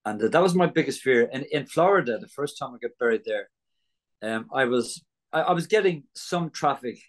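A man's voice: medium pitch, lively intonation, a little fast. An Irish man as an interview guest, giving an earnest testimony and acting out the voices of people in his story. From Ireland.

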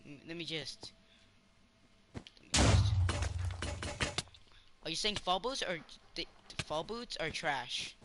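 Excitable man talking through his gameplay. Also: a little high, normal speed, hardly any pauses, heavy background noise. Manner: excitable, rambling self-talk with cheering. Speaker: gamer. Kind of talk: casual gameplay commentary.

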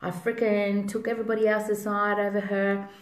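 A woman's voice: medium pitch, level tone, moderate pace, lightly acted. Woman putting on a guilty desperate man, breathless self-reproach, roomy echo. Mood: remorseful.

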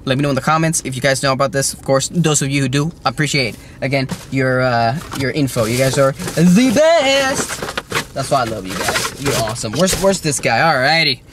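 A man chatting casually while unboxing toys, excitable and rambling, joking with his viewers. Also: mid-range voice, fast, few pauses, noisy background. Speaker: toy collector vlogger.

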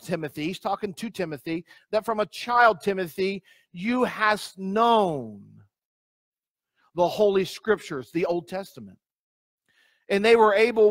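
Pastor guy w a high voice preaching, emphatic, repeats stuff, dry close sound. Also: fairly bright tone, no echo. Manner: emphatic, repeats key phrases; asks the congregation direct questions. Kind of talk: sermon.

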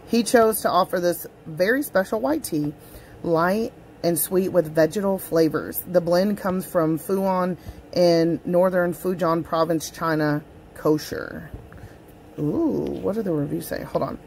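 A woman's voice: fairly low pitch, a little slow, darkish tone, slight background noise. A woman chatting casually at her home desk in a tea review vlog, gushing and talking straight to her viewers. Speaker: tea vlogger.

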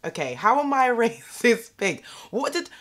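A young British woman vlogging at home, talking straight to the camera in a sassy, animated rant. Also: a little high, normal speed. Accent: British English. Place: indoors at home.

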